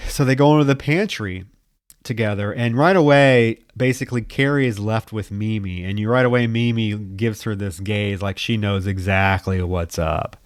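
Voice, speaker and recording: Man, podcast co-host, smooth clear voice, dry close sound, casual swearing recap. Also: fairly low pitch, moderate pace, no echo. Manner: loose, profane plot recap. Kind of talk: casual film discussion.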